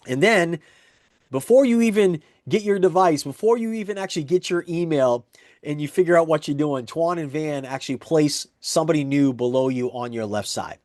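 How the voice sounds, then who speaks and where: A man with a fairly high voice gives an eager sales presentation. He walks through one example after another and repeats the same points as he builds the pitch. The sound is dry and close. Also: moderate pace, darkish tone, no echo. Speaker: network marketing presenter.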